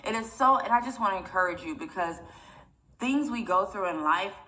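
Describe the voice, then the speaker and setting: A woman's voice: medium pitch, lively intonation, a little fast, sharp tone. A young woman vlogger telling a personal story to her viewers in a rambling, chatty way, often close to tears. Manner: emotional, near tears.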